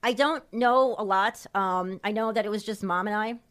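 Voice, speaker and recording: A woman's voice: mid-range voice, moderate pace, a bit bright, clean tone. A woman from Chicago with a Chicago accent, chatting as a guest in an easygoing, hesitant way and laughing often. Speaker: guest, host's sister. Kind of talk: casual chat.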